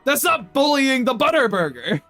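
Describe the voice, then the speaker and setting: A high-pitched young man hosting a stream, bantering with his chat. He is playful and mock-indignant. Faint music plays behind him. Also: normal speed. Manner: animated, playful, mock-indignant with frequent laughs. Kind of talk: casual chat with stream viewers.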